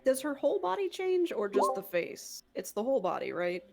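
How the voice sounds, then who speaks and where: Playful woman player with an animated, curious voice. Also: high voice, brisk, gravelly. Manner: playful, questioning. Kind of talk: tabletop game chat.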